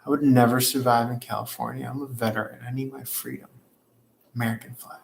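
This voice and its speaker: A man's voice: medium pitch, level tone, fast talker, creaky, a little hiss or hum. Man, tarot reader, casual livestream chat, rambling, swears, faint background ambience. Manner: rambling, profane, reads out chat comments. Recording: roomy echo with faint ambience.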